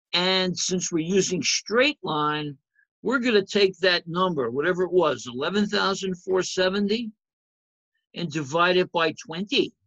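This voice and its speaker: A man's voice: sits high, fairly bright tone, no echo, highs cut off. A man teaching accounting in a lecture over slides, talking in a conversational way and asking the class rhetorical questions. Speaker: accounting instructor.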